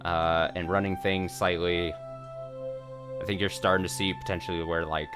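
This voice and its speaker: A man with a fairly low voice talks through a game recap on stream. He rambles, restarts his sentences and swears casually as he goes. It sounds like relaxed let's-play commentary. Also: a little slow, music in the background. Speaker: streamer recapping a visual novel.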